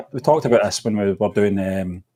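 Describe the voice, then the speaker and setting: A man co-hosting a relaxed film discussion, hesitating over his words with plenty of ums and small laughs. His voice is fairly low and a little husky. He speaks over a remote call mic. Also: moderate pace. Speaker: co-host. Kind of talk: casual chat.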